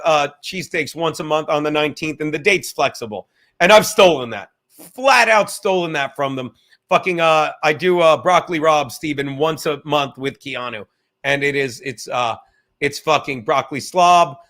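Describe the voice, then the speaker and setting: A man's voice: a little high, fairly bright tone. A man hosting a podcast, talking in a rambling, profane and jokey casual monologue. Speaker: podcast host.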